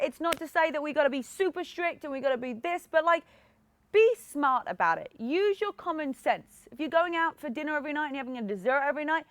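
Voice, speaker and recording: Upbeat high-voiced woman coaching listeners. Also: fairly bright tone, no echo. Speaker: fitness podcast host. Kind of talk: motivational solo podcast talk.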